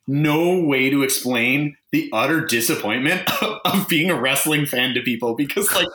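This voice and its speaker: A man with a fairly high, bright and lively voice rants in casual podcast chat, swearing freely. His pitch swings a lot as he talks. The sound carries an echoey room around him. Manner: animated, swearing, exasperated ranting. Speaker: podcast co-host.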